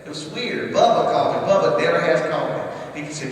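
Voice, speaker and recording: A man's voice: on the high side, fast. Rambling storyteller man in an echoey hall. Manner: rambling, folksy, full of "you know" asides. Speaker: singer-songwriter telling a story on stage. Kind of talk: storytelling to a live audience. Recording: echoey hall, distant mic, faint music.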